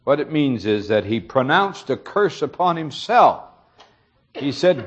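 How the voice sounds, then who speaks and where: A man's voice: medium pitch, sing-song, a little slow, breathy edge, lo-fi sound. A man preaching a sermon, retelling a story earnestly and explaining it, his emphasis rising on key moments.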